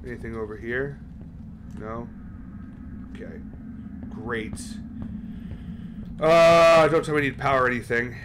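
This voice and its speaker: Guy streaming a horror game, casual and sweary, mid pitch, bit of faint noise. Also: fairly even intonation, normal speed, long pauses. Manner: casual and profane, chatting with viewers.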